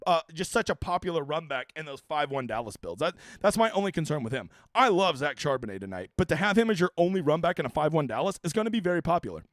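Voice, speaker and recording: Young man, high lively voice, casual sports stream banter, swears a lot, dry close sound. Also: fast, hardly any pauses, no room sound. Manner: animated, swearing, reads chat questions aloud. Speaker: fantasy sports livestream host. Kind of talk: casual livestream chat answering viewer questions.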